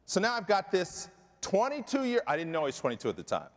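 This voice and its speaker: A man's voice: sits high, huge pitch swings, quick pace. A middle-aged man giving a keynote talk, telling a personal story with emphasis and often asking the audience "right?". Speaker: keynote speaker. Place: large conference hall. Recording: long hall reverb.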